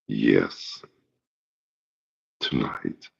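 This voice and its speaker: A man doing an impression of a smooth-voiced male superhero who is a ladies' man, speaking in a low, slow, seductive murmur. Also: animated, lo-fi sound, exaggerated voice. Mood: suave, seductive.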